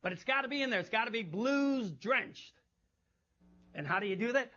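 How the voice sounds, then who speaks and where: A man teaching a jazz masterclass, coaching a band and scatting rhythms in an animated way, on a muffled lo-fi recording. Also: extremely high pitch, moderate pace, a little hiss or hum. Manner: animated, scats rhythms and chants phrases. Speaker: jazz instructor.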